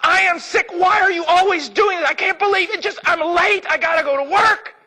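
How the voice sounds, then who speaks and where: A man's voice: very high voice, a little fast, pitched above the performer's own voice, full character voice. A man voicing an irritated husband who rants and complains at his wife. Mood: exasperated. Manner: shouting complaints, exasperated.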